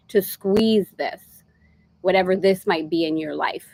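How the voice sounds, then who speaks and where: A woman's voice: on the low side, a little slow, vocal fry, no echo, low-quality recording. A woman leading a live online spiritual lesson, chatting casually with viewers between readings. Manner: warm chatty asides, breaks into laughter. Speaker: spiritual course teacher. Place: travelling in Greece, indoors.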